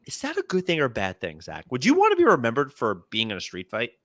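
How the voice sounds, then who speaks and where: A man's voice: medium pitch, quick pace, no echo, clean studio sound. A man co-hosting a comedy podcast, telling news stories in casual chat and acting out the quotes. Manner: animated storyteller, acts out quotes. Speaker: podcast co-host.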